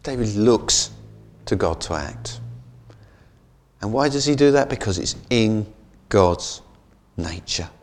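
A man preaching a sermon in a conversational way. He often adds "isn't it?" and slows down and softens on key phrases. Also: lowish voice, expressive. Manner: conversational, keeps asking "isn't it?".

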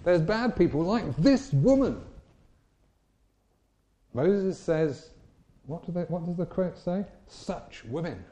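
Emphatic preacher, mellow voice. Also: male voice, sits high, takes it slowly, long pauses. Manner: emphatic, animated storytelling preacher. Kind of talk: sermon.

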